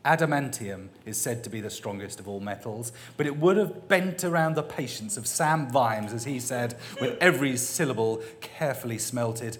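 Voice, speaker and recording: A man's voice: mid-range voice, normal speed, few pauses, a faint crowd, a little hiss or hum. A man reading a comic novel aloud, amused and often laughing as he reads. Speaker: reader.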